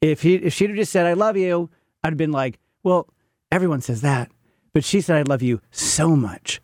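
A man's voice: fairly high pitch, normal speed, a little mellow, no room sound, clean studio sound. Candid self-mocking man in his fifties. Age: 50s. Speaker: podcast co-host. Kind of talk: casual chat.

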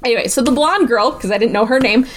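A woman's voice: on the high side, fast, slight background noise. A young woman co-hosting a podcast, chatting casually as she retells a movie scene by scene, full of likes and okays. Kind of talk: casual chat recapping a film.

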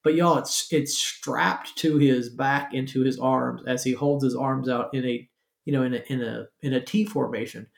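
A man's voice: mid-range voice, fairly even intonation, normal speed, creaky, reverberant. A man preaching a conversational sermon, full of fillers and checking in with "right?". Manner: casual, asks "right?" often, many fillers. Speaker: pastor.

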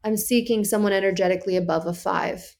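Animated young woman chatting on a podcast. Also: mid-range voice, fast. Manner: animated, playful, acts out quoted texts. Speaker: podcast guest. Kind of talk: candid podcast conversation.

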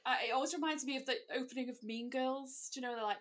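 A woman's voice: high voice, fast talker, a bit bright. A woman co-hosting a podcast in casual chat, enthusiastic and chatty. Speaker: podcast co-host.

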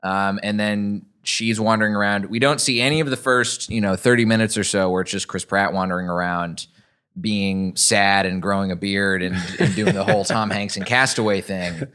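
A man's voice: on the low side, steady tone, normal speed, fairly bright tone, smooth. A man co-hosting a casual podcast chat, talking easily and saying "y'all". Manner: chatty, uses "y'all". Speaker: podcast co-host.

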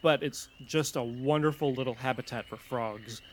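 A man's voice: mid-range voice, normal speed, a little hiss or hum. A man hosting a podcast, talking in an easygoing, affirming way. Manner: easygoing, affirming, wraps up with sponsor thanks. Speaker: podcast host. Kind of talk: casual chat.

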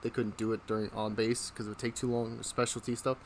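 This podcast host, a man, tells casual stories at a fast clip, laughing often and acting out the people in them. His voice is medium-pitched and level in tone, with a little hiss or hum in the background.

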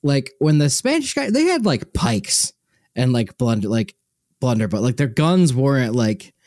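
A man's voice: medium pitch, sing-song, unhurried, a little mellow, dry recording, clean studio sound. A young man co-hosting a podcast, chatting casually and often losing his train of thought. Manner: meandering, loses the thread. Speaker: podcast co-host. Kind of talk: casual chat.

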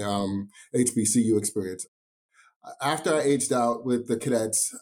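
Male guest, New York-raised drum teacher, emphatic storyteller, mid-pitched voice. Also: darkish tone. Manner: enthusiastic, emphatic, says "man" a lot. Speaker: drumline instructor and podcast guest. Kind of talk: casual interview storytelling.

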